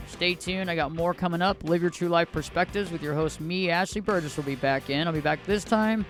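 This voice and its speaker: A man's voice: fairly high pitch, fairly quick, hardly any pauses, a bit bright, soft background music. A man hosting his own motivational podcast, talking alone in a preachy way and repeating phrases in long lists. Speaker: podcast host. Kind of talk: motivational solo podcast talk.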